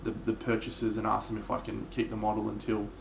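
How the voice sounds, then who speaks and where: An Australian man talks through his painting session live, relaxed and chatty, swearing freely as he goes. His voice has a gravelly edge and sits in a middling range. The sound bounces around an echoey room with a faint hum underneath. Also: lowish voice, quick pace. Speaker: miniature painter streaming live. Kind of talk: casual live-stream chat.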